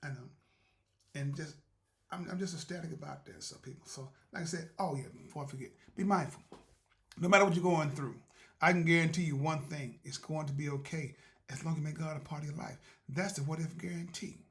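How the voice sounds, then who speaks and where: A man with a gravelly, somewhat high voice talks in a loose, rambling way, circling back with "like I said." He hosts a motivational show and shares stories in a folksy, faith-driven manner. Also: brisk. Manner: spiritual encouragement. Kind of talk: casual storytelling monologue.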